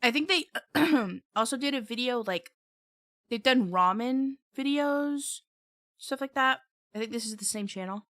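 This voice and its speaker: A woman's voice: on the high side, unhurried, a bit bright, no echo, studio quality. A woman streamer chatting casually with her viewers on a live stream, laughing often and talking while eating.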